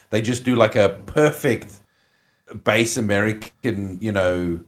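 A man's voice: lowish voice, steady tone, normal speed. A man co-hosting a casual film review podcast, opinionated and rambling, with some swearing. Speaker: podcast co-host.

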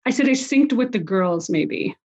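A woman's voice: on the high side, expressive, moderate pace, a little mellow. A woman in her forties telling a personal story in an interview, quoting dialogue and sounding emotional. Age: 40s. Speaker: guest. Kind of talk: conversational interview.

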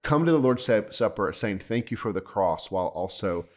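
A man's voice: on the low side, lively intonation, normal speed. A man who is a pastor, explaining things earnestly in a casual podcast discussion.

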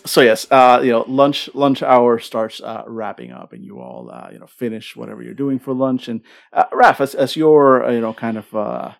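A man's voice: medium pitch, animated, normal speed, creaky, soft background music. A man narrating a tabletop game as game master, hesitant and full of fillers.

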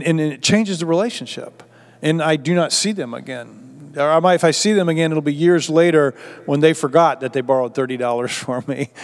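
A man's voice: a little high, clear, resonant tone. A man preaching a conversational sermon as pastor, often repeating words as he restarts a thought.

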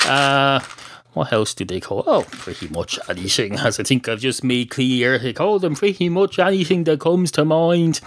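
An Irish man hosting a podcast, rambling through an absurd, deadpan comic monologue. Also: mid-range voice. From Ireland. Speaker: podcast host.

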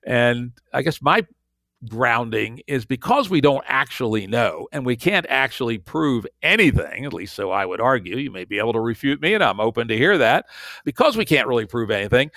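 A man's voice: medium pitch, gravelly, fairly bright tone, no echo. An older man hosting a podcast, arguing his views in a blunt, wry, conversational way. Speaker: podcast host. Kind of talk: casual conversational interview.

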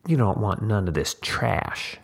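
A scheming, toothless old countrywoman with a drawl, as a male narrator puts her on. She coaxes and wheedles in a folksy way, her voice gravelly and husky beneath a lifted pitch. It is a storybook reading. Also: expressive, unhurried, exaggerated voice. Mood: wheedling. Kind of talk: audiobook character voice.

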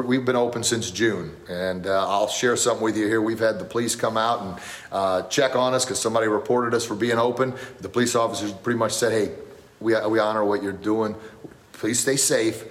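A man who teaches martial arts, giving a motivational talk on a live stream, telling stories with lots of energy and reading out viewer comments as he goes. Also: lowish voice. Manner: animated storytelling, gets loud and excited acting out scenes. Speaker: martial arts instructor and podcast host.

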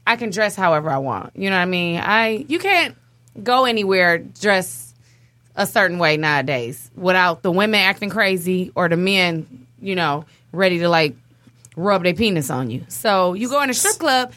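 A woman's voice: on the low side, lively intonation, normal speed, sharp tone. A woman chatting casually with friends, talking bluntly with swearing and frequent laughs. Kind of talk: casual chat.

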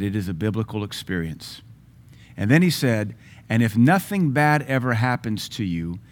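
Middle-aged male pastor, forceful repetitive sermon delivery, average pitch. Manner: emphatic, repetitive preaching cadence.

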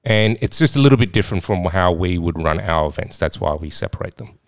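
Man, podcast host, very low voice, lively intonation, dry close sound. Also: fast talker, dry recording. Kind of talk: casual podcast chat.

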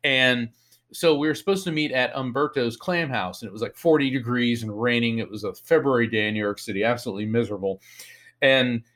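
Animated male storyteller, lively delivery. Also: medium pitch, a little fast. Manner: animated storyteller, acts out quotes in raised voice. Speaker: psychic medium, author. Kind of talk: storytelling interview guest.

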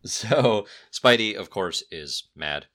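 A man co-hosting a casual comic book podcast, recapping the plot at a steady pace with easy fillers. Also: fairly low pitch, takes it slowly. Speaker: podcast co-host.

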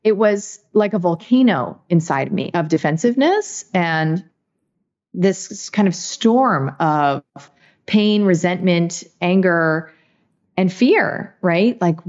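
A woman's voice: fairly low pitch, animated, slow, dull audio. A woman speaking as an interview guest, talking in an earnest, reflective way with many "you know"s and "right"s. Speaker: guest, author. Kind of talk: casual interview talk.

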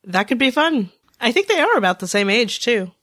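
A woman co-host who drops short, wry remarks into the conversation. Her voice sits a touch high. The sound is dry, close and intimate. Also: sing-song, fairly quick, a bit bright, dry recording. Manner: wry, brief quips. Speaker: podcast co-host. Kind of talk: casual podcast chat.

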